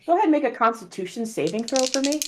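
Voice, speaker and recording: A woman's voice: high voice, animated, quick pace, a little mellow, a little hiss or hum. Laid-back woman game master. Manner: casual, laughing, swearing. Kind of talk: narrating a tabletop game.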